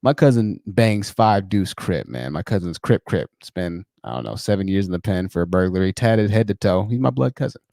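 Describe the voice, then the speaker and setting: Male call-in show host, low and warm, chatty and animated, dry close sound. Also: normal speed, gravelly, few pauses, no echo. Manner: animated, chatty, laughs at his own stories. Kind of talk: livestream commentary and storytelling.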